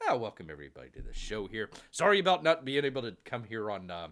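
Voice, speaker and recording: A man hosting a casual comics livestream, rambling and excitable, with lots of fillers. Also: on the low side, quick pace. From Tampa Bay area. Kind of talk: casual live-stream chat.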